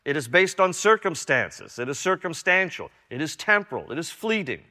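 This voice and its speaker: A man's voice: fairly high pitch, very animated, normal speed, sharp tone. An older man preaching a sermon as pastor, earnest and emphatic, repeating key lines. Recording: long hall reverb.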